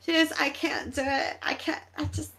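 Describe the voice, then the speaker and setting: A woman's voice: high voice, moderate pace, rough recording. A woman hosting a live horror movie watch-along, chatting casually with lots of swearing and jokes. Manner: profane, animated and joking. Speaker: host.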